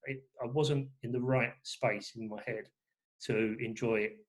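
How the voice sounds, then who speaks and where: A man's voice: medium pitch, fairly even intonation, measured pace. A man from England, talking as a guest in a rambling way with many fillers and restarts. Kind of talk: casual conversation.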